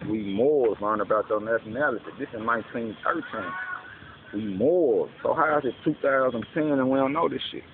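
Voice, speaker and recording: A man's voice: medium pitch, fairly quick. Man preaching in street slang, tinny noisy recording. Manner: preachy, street slang, repeats "you know what I'm saying". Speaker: speaker explaining a belief. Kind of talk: casual monologue. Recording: tinny lo-fi with loud background noise.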